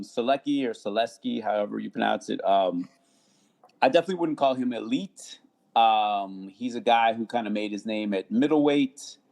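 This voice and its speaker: Male podcast guest, low and gravelly, easygoing and rambling. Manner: relaxed, many fillers and repeats. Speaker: podcast guest, sports attorney. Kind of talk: casual podcast chat.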